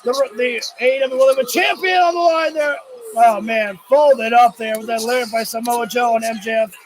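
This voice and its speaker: A man with a very high voice calls a wrestling match live on his stream, excitable and quick to shout and curse when the action peaks. A faint hiss of noise sits under his voice. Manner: reacts loudly, swears, shouts at big moments. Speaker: livestream wrestling commentator. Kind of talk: excited play-by-play commentary.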